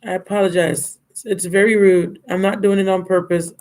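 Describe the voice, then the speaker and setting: Over a noisy background, a tired tarot reader streams a live reading in a medium-pitched, level voice at normal speed. Drained and yawning, she's casual and blunt, addressing the viewer as "baby" and "my love."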